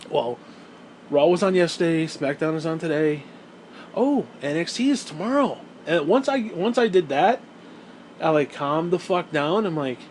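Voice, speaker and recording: A man's voice: on the high side, a little mellow, a little hiss or hum, poor audio. A man telling a rambling story in a casual rant to his viewers, repeating himself, swearing and laughing now and then. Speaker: gaming and wrestling video host.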